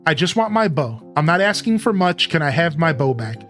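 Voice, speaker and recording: A streamer voicing a calm grown man in an online game who patiently asks for his things back. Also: mid-range voice, brisk, faint music behind. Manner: patient, pleading, then firm. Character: calm adult male gamer asking for his stuff.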